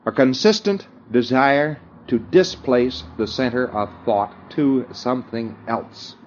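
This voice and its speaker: A man's voice: medium pitch, takes it slowly, highs cut off, a little hiss or hum. A man giving an informal lecture, often chuckling and checking that his listeners follow him. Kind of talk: conversational lecture.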